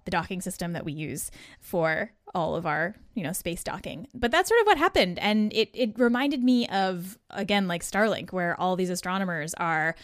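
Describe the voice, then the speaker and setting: A woman's voice: fairly low pitch, normal speed, dry recording, studio quality. A woman guest-hosting a podcast, telling a story in casual chat, laughing and acting out the voices of the people in it. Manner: lively, laughing, acts out quoted voices. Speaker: guest host.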